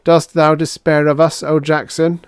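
A man's voice: on the high side, little pitch movement, a little slow, clear, resonant tone, no echo, studio quality, voice pushed up, close to an everyday voice. A man voicing a submissive, devout robot who speaks in chanting, archaic phrases. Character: zealous worshipping robot, male, submissive.

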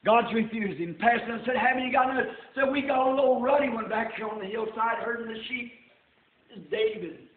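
An older man preaching a sermon in a church, folksy and rising to shouts. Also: very high voice, normal speed. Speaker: pastor. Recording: tinny roomy old sermon tape.

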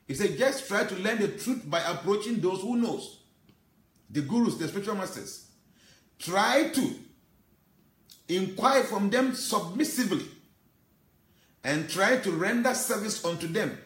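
A man's voice: sits high, animated, unhurried, pauses often, fairly bright tone, reverberant. A man preaching an earnest, emotional sermon, reciting Sanskrit verses and explaining them. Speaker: spiritual teacher.

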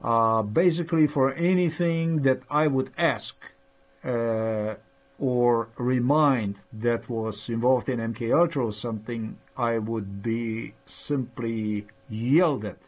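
Slow, halting, aggrieved man. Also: medium pitch. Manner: halting, with many pauses and fillers; aggrieved and accusatory. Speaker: vlogger. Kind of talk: rambling personal monologue.

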